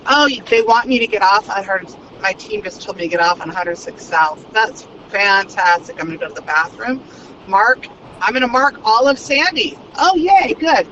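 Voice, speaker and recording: A woman talks nonstop from the driver's seat, crude and unfiltered. The recording is dull and lo-fi. Traffic noise rumbles clearly behind her voice. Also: moderate pace, fairly bright tone. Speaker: vlogger. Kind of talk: rambling monologue while driving. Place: inside a car in traffic.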